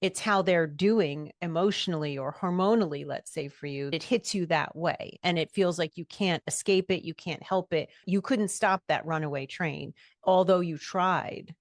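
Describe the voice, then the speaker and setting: A woman reflecting back a friend's story in a calm, thoughtful, empathetic way. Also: on the low side, moderate pace, few pauses, dry recording, studio quality. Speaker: podcast host. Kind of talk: reflective conversation.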